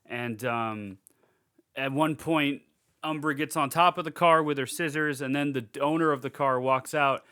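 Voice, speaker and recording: A man's voice: medium pitch, moderate pace, bright, forceful tone, clean tone. A young man recapping a movie in casual podcast chat, rambling with lots of fillers and swearing freely. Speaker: podcast co-host.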